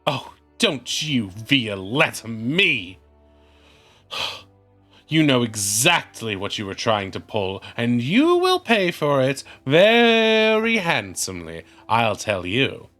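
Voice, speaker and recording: A man's voice: mid-range voice, huge pitch swings, slow, a bit bright, exaggerated voice. A haughty noble banker woman, indignant and sighing as she scolds, voiced by a man. She sounds exasperated and superior, and faint music plays under her. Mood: scolding.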